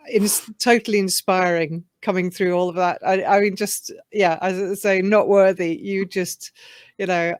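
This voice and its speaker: A woman's voice: on the low side, no room sound, studio quality. A woman guest author talking in a casual interview over a video call, hesitant, restarting words, and leaning on "you know". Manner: hesitant, repeats words, many fillers.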